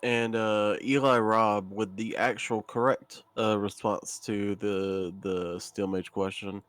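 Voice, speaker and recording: A man co-commentating a live game, making relaxed, dry remarks. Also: fairly low pitch, slow, clear, resonant tone, dry recording. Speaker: esports co-commentator.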